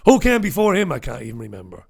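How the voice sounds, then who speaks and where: This solo news review show's Irish host talks fast in a mid-range, creaky, slightly rough voice with huge pitch swings. He reads live chat comments from viewers aloud, responding bluntly, sarcastically and with profanity.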